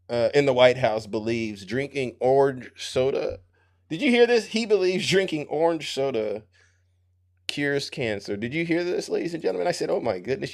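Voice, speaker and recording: A man giving animated live-stream commentary who laughs often and speaks straight to his viewers. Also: mid-range voice. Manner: excitable, laughs often, addresses the audience directly.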